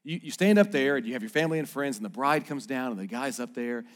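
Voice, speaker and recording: A man in his thirties, a pastor, preaching a sermon in a conversational, animated way with playful asides to the congregation. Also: medium pitch, fast talker. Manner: playful asides and mock quotes to the audience.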